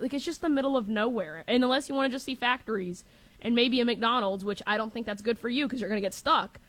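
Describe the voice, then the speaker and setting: A woman's voice: fairly high pitch, lively intonation, fast, fairly bright tone. A woman co-hosting a casual sports talk show, chatty and candid, laughing easily. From Northwest Indiana area.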